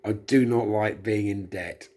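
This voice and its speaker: A man's voice: fairly low pitch, fairly even intonation, a little slow, warm tone. A middle-aged man, tipsy, rambling chattily and self-deprecatingly in a casual monologue. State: tipsy from drinking. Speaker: vlogger.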